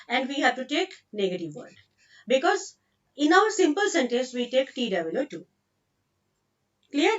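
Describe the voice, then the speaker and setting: Indian English teacher, woman, patient and repetitive, high voice, slightly far and muffled mic. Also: sing-song, measured pace, long pauses. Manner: explains patiently, repeats sentences, mixes in Hindi. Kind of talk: online grammar lesson.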